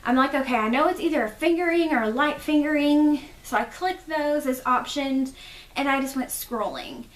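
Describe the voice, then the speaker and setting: A woman's voice: high-pitched, normal speed. A young woman hosting a casual crafting video, chatty and self-deprecating with rambling asides. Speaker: podcast host. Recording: echoey room.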